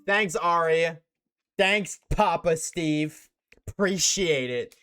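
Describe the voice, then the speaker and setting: A man's voice: a little high, big pitch swings, a little fast, a bit bright. A young man live-streaming, chatting casually with his chat, slangy and swearing often.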